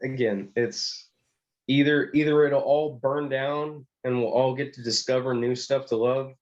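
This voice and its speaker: A man's voice: medium pitch, fairly even intonation, a little slow. Laid-back man on a muffled mic. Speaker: podcast co-host. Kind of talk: casual chat.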